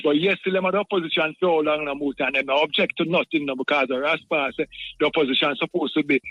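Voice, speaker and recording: A Jamaican man rambles in patois over a muffled phone line, stumbling over repeated words. His voice sits a little high for a man and sounds dry and close. He talks as a caller on a radio show. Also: a bit bright, slightly rough, no echo. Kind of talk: call-in radio talk.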